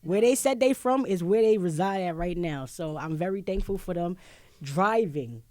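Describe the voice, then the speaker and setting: A woman's voice: lowish voice, normal speed, a little mellow, no echo. A woman hosting a casual podcast, talking loosely with profanity and laughs. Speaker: podcast host. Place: studio round table.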